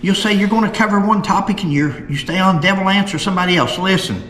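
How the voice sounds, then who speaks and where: A man hosting a casual history talk, folksy and opinionated, reading old newspaper accounts aloud and slowing down for emphasis. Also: sits high, a bit bright. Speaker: history show host. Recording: echoey room with long reverb.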